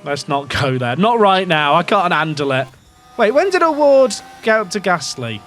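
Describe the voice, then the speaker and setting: Sitting high in pitch, this man's voice is very animated and fairly bright, at a moderate pace. He's an English gaming streamer giving rambling, self-questioning commentary to chat on his racing-management game, with an occasional swear.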